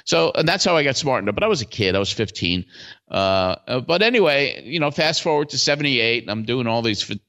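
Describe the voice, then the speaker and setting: A man in his sixties, a guest in an interview, telling stories in a lively way with many fillers and restarts. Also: medium pitch, brisk. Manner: animated storyteller, full of fillers and restarts. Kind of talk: casual storytelling interview. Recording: dull lo-fi sound.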